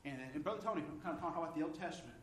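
A man preaching a sermon, telling stories with lively energy that climbs high and loud when excited. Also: very fast, recorded from a distance, a little hiss or hum. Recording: echoey room, from off mic.

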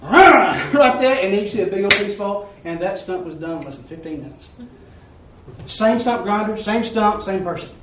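A man with a high voice preaches a folksy testimony, acting out each voice in his story. He is picked up from well off the mic, so the sound rings around a roomy church, with a faint hiss underneath. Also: fairly quick, a bit bright. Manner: folksy, acts out quoted dialogue. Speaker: lay preacher. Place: church service. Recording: echoey room, mic far off.

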